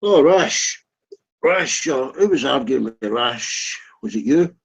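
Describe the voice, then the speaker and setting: A man hosting casual online chat, teasing and prodding people by name, with a husky voice. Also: medium pitch, lively intonation, unhurried. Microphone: online voice call. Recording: dull lo-fi online call.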